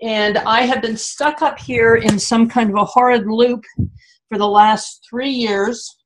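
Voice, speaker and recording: A woman's voice: fairly high pitch, fairly even intonation, a little slow, low-quality recording. A woman from Canada asking an anxious, pleading question on a video call, her words full of restarts. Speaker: caller.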